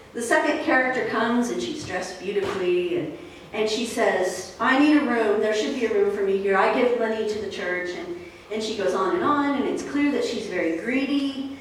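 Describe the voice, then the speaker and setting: A woman pastor preaching a sermon in a relaxed, conversational storytelling way, with fillers. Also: medium pitch, slight background noise. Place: church sanctuary. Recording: echoey church hall from far off.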